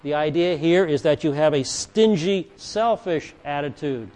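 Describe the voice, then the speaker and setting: A man's voice: a little high, unhurried, a little mellow, slight background noise. A man teaching a Bible lesson in a conversational way, reading scripture aloud with emphasis and questioning and joking with his listeners. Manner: asks the audience questions and jokes with listeners.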